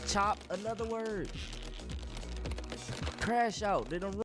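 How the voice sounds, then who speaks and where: A man's voice: high voice, slow pace, faint music behind. A man joking around playfully in a casual group conversation. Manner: playful, expressive.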